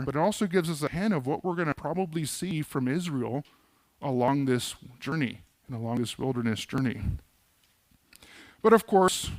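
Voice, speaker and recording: A man's voice: medium pitch, no echo. A man preaching a sermon as a pastor in a church, conversational with casual humorous asides.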